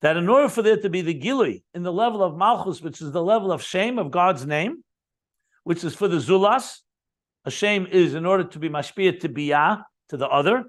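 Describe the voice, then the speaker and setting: A man's voice: sits high, expressive, fairly quick. A man teaching a Chassidic text, explaining it line by line, repeating key terms and adding enthusiastic asides. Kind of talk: Talmudic-style text study lesson.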